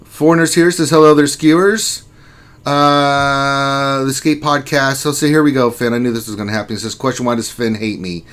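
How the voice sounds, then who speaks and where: A man with a medium-pitched, level, fairly bright and smooth voice speaks at a normal speed. He's hosting a casual lunchtime livestream, greeting viewers by name and reading their chat messages aloud in a joking, laid-back manner, swearing casually as he goes.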